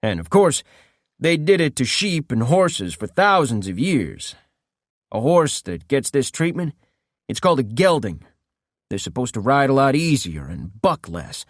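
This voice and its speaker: A male audiobook narrator telling a grim story with lively rises and falls in pitch. The recording is close and dry, with no room sound. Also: a little slow, dry recording. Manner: steady first-person storytelling.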